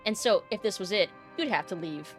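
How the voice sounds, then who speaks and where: A woman's voice: mid-range voice, lively intonation, brisk, faint music behind, lightly acted. A woman reading as a prim, cagey librarian. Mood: sweetly evasive. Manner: sweetly polite, calls people dearie. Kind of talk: reading game dialogue aloud.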